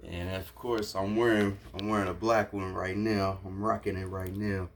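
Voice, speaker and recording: A man with a very low voice chats through an unboxing vlog. He sounds excited and grateful, a bit nervous, and often stumbles and restarts his sentences. A faint hum of room noise sits behind him. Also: moderate pace. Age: adult. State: a little nervous. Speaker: vlogger showing his own shoe line.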